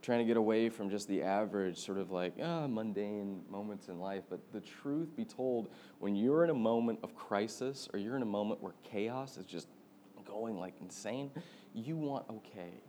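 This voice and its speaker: Young guy pastor, mellow voice, animated storytelling with lots of laughs, faint noise behind. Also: fairly low pitch, normal speed. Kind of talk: sermon.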